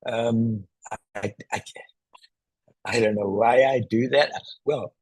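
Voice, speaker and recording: Brief: male video coach, deliberately loud delivery, very husky tone, keeps asking "right?". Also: medium pitch, steady tone, no room sound, rough recording. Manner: speaks loudly on purpose, with frequent "right?" check-ins. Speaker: online presentation coach. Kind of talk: casual video tutorial. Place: small one-room apartment, indoors.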